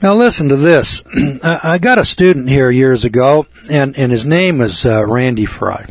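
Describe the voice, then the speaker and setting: A man's voice: medium pitch, animated, moderate pace, no echo. A man lecturing a live audience in an emphatic way, repeating key words and adding wry asides. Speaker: speaker addressing an audience. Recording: dull lo-fi recording.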